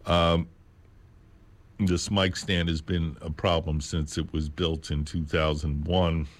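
A man hosting a radio show from a studio, talking in an unscripted way and slowly spelling out catalog numbers. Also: a bass voice, little pitch movement. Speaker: radio host. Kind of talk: unscripted radio talk about records. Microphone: studio mic on a stand.

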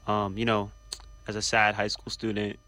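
A man's voice: on the low side, monotone, moderate pace, pushed and bright. A man from Washington Heights, New York, talking casually in a rambling way as a co-host. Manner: rambling, full of fillers. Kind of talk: casual podcast chat.

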